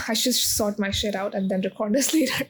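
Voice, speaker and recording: A woman in her twenties talking in a confessional vlog, halting with many pauses and close to tears. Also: mid-range voice, a bit bright, a little hiss or hum, low-quality recording. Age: 20s. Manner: halting, full of pauses and restarts. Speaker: vlogger.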